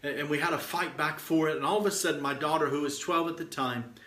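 A man's voice: on the high side, fast, pushed and bright, reverberant. A middle-aged man preaching and telling a testimony in a fervent, exhorting way, often stringing words together with repeated "and"s. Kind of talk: sermon storytelling.

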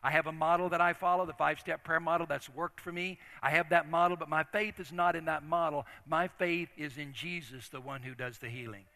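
Older preacher in an echoing hall. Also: male voice, a little high, steady tone, a little fast, hardly any pauses, pushed and bright. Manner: conversational, earnest, frequent restarts. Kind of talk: storytelling sermon. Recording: long reverb of a large hall.

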